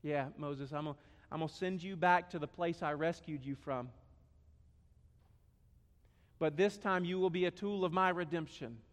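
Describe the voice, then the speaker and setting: A man voicing God as a calm, firm figure in a sermon retelling. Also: a little high, moderate pace, pauses often, voice pushed down, close to an everyday voice. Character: calm, patient God speaking to Moses. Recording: echoey hall.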